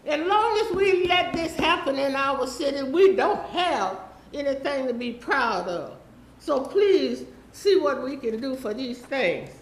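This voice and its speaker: A woman's voice: high voice, expressive, measured pace, reverberant, low-quality recording. A woman, rambling and pleading through a public comment at a city council meeting. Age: 80s.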